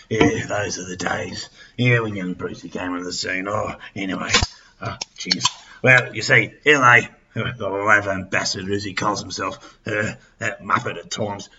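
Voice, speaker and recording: A man's voice: fairly low pitch, sharp tone, recorded from a distance, muffled recording, a little hiss or hum. A man voicing a crude, boastful older Australian pub bloke with an Australian accent, rambling and swearing through comic radio banter. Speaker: radio host. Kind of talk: comic radio character monologue.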